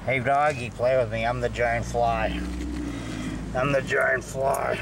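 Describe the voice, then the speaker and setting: Giant fly monster, buzzy and playful, voiced by a man, gravelly, far from the mic. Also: medium pitch, steady tone, slow. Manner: buzzing, goofy, talks to a dog. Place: outdoors. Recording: distant outdoor recording with loud background noise.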